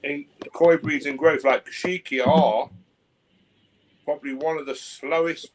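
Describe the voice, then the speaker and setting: Laid back guy chatting, repeats himself, bit high voice. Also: a little slow, noisy background. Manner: relaxed storytelling, repeats words. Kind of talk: casual chat.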